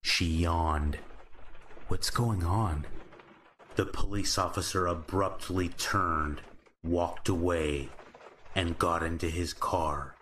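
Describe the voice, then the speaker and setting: A man narrating horror stories in a slow, measured, calm scripted style. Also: deep voice, slight background noise.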